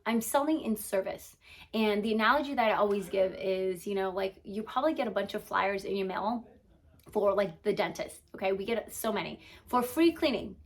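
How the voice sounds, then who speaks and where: A young adult woman, a business and mindset coach, giving an energetic motivational talk to camera, peppered with "like" and asking "okay?" as she goes. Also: medium pitch, moderate pace. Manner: energetic, emphatic, frequent "like" and "okay?" check-ins.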